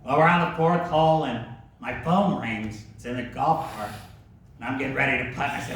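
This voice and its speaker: This casual story about an old golf buddy comes from a man who laughs easily and curses without restraint, his fairly bright, medium-pitched voice moving a little fast. The mic sits far away in an echoey room, catching ambient noise as he remembers his friend.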